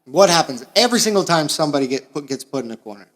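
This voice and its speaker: A young man from Florida rambles through a crude, sarcastic comedy monologue, his voice sitting a little higher than most men's. He drops to mumbled asides, then jumps into loud outbursts. He records in a small makeshift space at home. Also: expressive, very fast. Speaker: podcast host.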